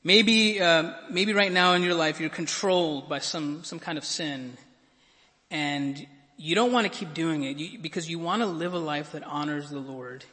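The long reverb of a big hall surrounds this preacher, who speaks at a moderate pace in a high, bright, forceful voice. He's earnest and trips over repeated words, then swells to emphatic climaxes as he presses each point.

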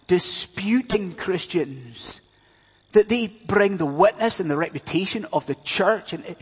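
A man's voice: fairly high pitch, lively intonation, measured pace, husky. A man preaching a sermon, speaking emphatically and asking the congregation many rhetorical questions. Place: church hall. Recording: reverberant hall sound.

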